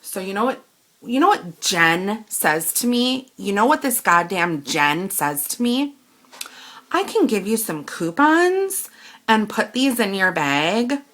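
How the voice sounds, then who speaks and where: A vlogger from Wisconsin tells a long customer-service grievance straight to camera as a ranting story, her bright, forward, medium-pitched voice taking it slowly. She keeps slipping into the quoted lines, animatedly acting out both herself and the store clerk in turn.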